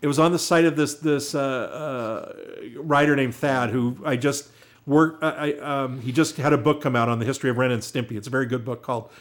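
A man's voice: mid-range voice, fairly even intonation, a little fast. A middle-aged American man in casual chat, telling long stories with many restarts and fillers. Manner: rambling storyteller with many restarts.

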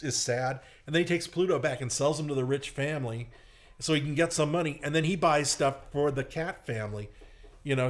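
Guy in casual chat, lively storyteller telling old cartoon plots, mid pitch. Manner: animated storyteller, acts out squeaky cartoon voices in quotes.

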